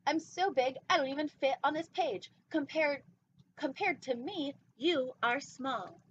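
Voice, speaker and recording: A woman voicing a boastful giant male whale shark from a picture book, bragging in a slow, loud voice. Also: high voice. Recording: dull lo-fi recording.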